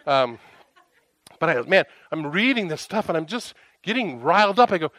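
Animated man preaching a sermon. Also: high-pitched, brisk, dry recording. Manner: animated, rhetorical questions, conversational. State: tired, emotionally raw. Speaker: pastor.

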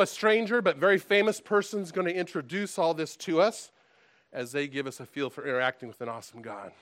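A man leading a church gathering, telling a joke in a relaxed, self-deprecating way before turning to a psalm. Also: on the high side, no echo. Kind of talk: casual sermon with a told joke.

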